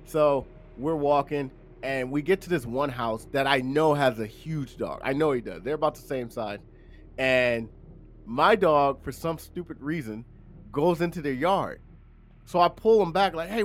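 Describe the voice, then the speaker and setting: A man co-hosting a podcast, telling a story in casual chat and loudly acting out his own quotes. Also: mid-range voice, slight background noise. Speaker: podcast co-host.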